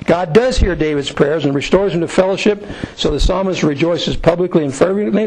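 A man with a slightly high, mellow voice speaks a little fast with hardly any pauses, and the audio is poor. As a Bible teacher leading an informal study, he reads verses aloud and then explains them in plain, conversational words.

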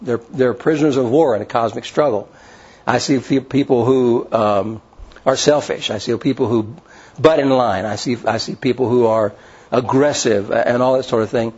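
A man's voice: mid-range voice, normal speed, a little mellow, breathy edge. A man preaching a conversational sermon in a plain-spoken, folksy manner. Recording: dull lo-fi recording.

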